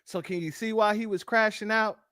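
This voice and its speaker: An American man hosting a live-stream commentary, sarcastic and animated, calling his viewers family. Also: high-pitched, fairly quick, dry recording, studio quality. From United States.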